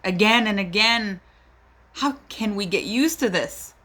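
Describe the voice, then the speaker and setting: A woman's voice: mid-range voice, measured pace, sharp tone. A woman, a mother, giving an emotional monologue, pleading and indignant. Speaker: mother speaking out. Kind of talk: impassioned personal monologue.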